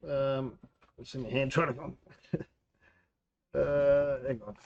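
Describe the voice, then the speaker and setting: An Australian man of middle pitch rambles easygoingly through a live brew day, muttering to himself and replying to viewers' comments as he works outdoors. His voice comes through a little dull and lo-fi. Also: level tone, slow pace. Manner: rambling, talks to himself and reads out chat. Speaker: home brewing livestream host. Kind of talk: casual live-stream chat while brewing. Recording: slightly dull lo-fi sound.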